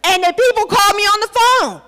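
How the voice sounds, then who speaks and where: A woman's voice: extremely high pitch, fairly quick, background noise. A woman in her forties giving a candid, blunt personal testimony with some profanity at a conference. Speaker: conference speaker. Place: large conference hall. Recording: long hall reverb.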